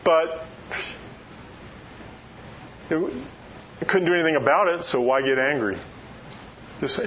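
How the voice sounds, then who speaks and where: Folksy older man preaching, fairly high voice. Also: animated, measured pace, long pauses, highs cut off, slight background noise. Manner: folksy, full of rhetorical questions. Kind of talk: sermon.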